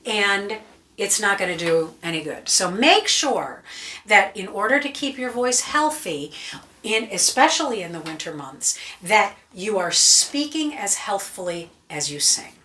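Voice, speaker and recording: A woman's voice: mid-range voice, sing-song, measured pace, pushed and bright, roomy sound, recorded from a distance. A woman vocal coach giving an emphatic teaching talk to camera, checking in with her listeners all the time. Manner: emphatic, keeps checking in with "right?" and "okay?".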